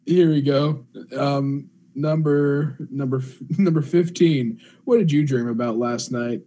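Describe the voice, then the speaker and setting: A young man with a husky, slightly breathy voice hosts a loose, joking podcast chat. He talks at a middle pitch, trading gags and bits with his friends. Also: measured pace, warm tone. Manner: joking, puts on silly voices. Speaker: podcast host. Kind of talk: casual comedic chat.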